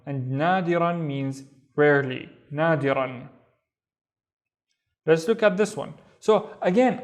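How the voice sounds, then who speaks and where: A man with a Saudi accent teaching a beginner Arabic reading lesson, patiently sounding out and repeating words. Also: a little high. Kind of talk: step-by-step language lesson.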